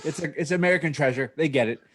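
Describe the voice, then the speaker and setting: A man's voice: fairly high pitch, fast talker, a crowd in the background. Fired-up swearing storyteller guy. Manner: heated, profane storytelling. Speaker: podcast co-host. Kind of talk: casual chat, storytelling.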